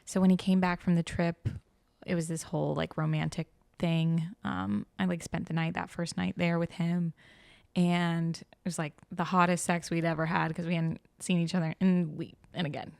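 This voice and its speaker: A woman's voice: on the low side, flat delivery, moderate pace, vocal fry, a little mellow, dry recording. A young woman chatting on a podcast, telling a story with animation and acting out the quotes. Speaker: guest host. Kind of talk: casual podcast chat.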